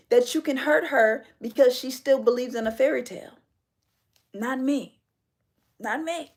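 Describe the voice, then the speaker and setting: Female livestream host, slightly high pitch, forceful sermon-like confrontational delivery. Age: adult. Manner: emphatic, preachy, confrontational. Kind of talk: livestream monologue.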